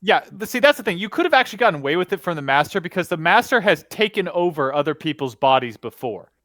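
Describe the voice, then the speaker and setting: A man's voice: a little high, very animated, quick pace, fairly bright tone, no room sound. A man in a casual fan discussion, talking bluntly and opinionatedly. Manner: opinionated, blunt, laughs at his own stories.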